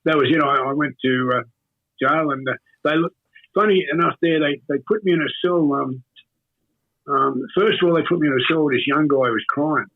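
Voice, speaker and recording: Husky older Australian man, phone-thin sound. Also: fairly high pitch. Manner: rambling, halting, with many fillers and restarts. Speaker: interview guest. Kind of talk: casual storytelling. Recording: tinny phone-like audio.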